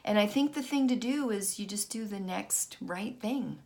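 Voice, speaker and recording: A woman's voice: medium pitch, vocal fry, mellow. A middle-aged woman vlogging casually, frazzled and frustrated, stopping and restarting her sentences. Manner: frazzled, halting, many restarts. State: worn out and frustrated. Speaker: vlogger and author. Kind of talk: casual personal vlog.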